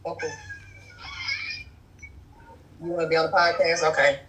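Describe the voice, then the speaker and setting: A woman's voice: sits low, fairly even intonation, moderate pace, a loud crowd, poor audio. A woman guest on a podcast talking about her clothing brand in a casual, chatty way, with many fillers and laughs.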